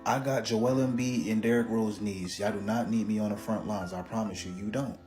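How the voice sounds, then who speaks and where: A man's voice: fairly low pitch, fairly even intonation, fairly quick, a little mellow, soft background music. A man doing a comedic, profane casual rant with exaggerated jokes.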